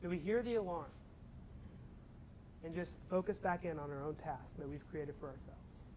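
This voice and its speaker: A young man telling a lively story to a student audience and turning it into a lesson about faith. He acts out his own lines, raising his voice at the funny parts. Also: fairly high pitch, moderate pace, slight background noise, low-quality recording. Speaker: campus ministry speaker.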